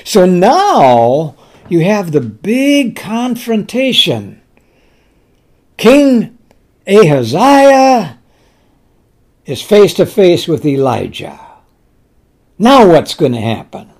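A man's voice: high-pitched, big pitch swings, drawn-out words, long pauses, darkish tone. A man preaching a sermon, retelling scripture with frequent restarts and repeated words, and voicing the king with rising anger.

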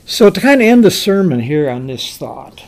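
A preacher delivering a sermon, emphatic and animated, repeating key words and restarting phrases as the story builds. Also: mid-range voice, moderate pace, gravelly.

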